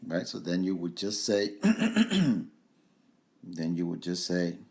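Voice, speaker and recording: A man walks learners through a grammar point. He talks in a relaxed instructional way, pausing on fillers and repeating example phrases slowly. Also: deep voice. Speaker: language trainer. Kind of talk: instructional explanation.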